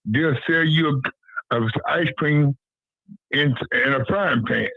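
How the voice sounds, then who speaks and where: On a dry, tinny phone line, a man with a higher-pitched voice talks slowly about boxing as a guest on a talk show. The phone-in chat is casual, blunt and repetitive, with street slang.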